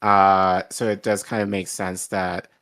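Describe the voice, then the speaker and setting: A man with a fairly low voice co-hosts an independent news show. He chimes in casually, hesitating and leaning on plenty of fillers as he works through his point. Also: flat delivery, a little slow, fairly bright tone. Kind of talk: casual discussion.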